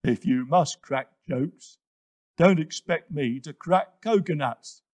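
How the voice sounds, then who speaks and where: A man voicing a vain, touchy male hippopotamus in a children's story, speaking slowly and indignantly. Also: fairly high pitch, darkish tone, no room sound. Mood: grumpy. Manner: sulky, indignant, slow and emphatic.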